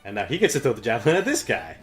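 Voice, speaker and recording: A co-host commenting on a game playthrough in a relaxed, dry way. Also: mid-range voice, rapid-fire. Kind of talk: casual let's-play chat. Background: game music.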